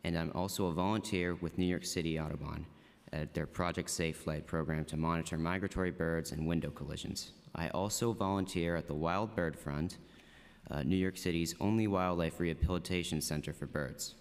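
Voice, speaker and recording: A teenage boy earnestly reads prepared testimony in a very low, smooth voice. The chamber adds a long reverb behind him. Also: steady tone, a little fast. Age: teens. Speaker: student testifying. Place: council chamber.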